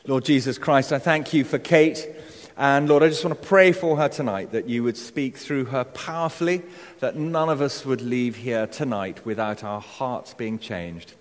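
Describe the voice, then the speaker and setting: A man's voice: mid-range voice, normal speed. Earnest man praying in a church. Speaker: prayer leader. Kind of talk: spoken prayer. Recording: long church hall reverb.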